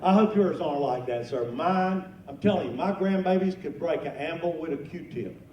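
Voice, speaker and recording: A man's voice: on the high side, lively intonation, moderate pace, muffled recording. An older man telling folksy stand-up stories to a lunch crowd, getting rowdy on the punchlines. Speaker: comedian, lunch speaker. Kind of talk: storytelling stand-up. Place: banquet hall at a lunch event. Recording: roomy hall, miked from a distance, faint noise.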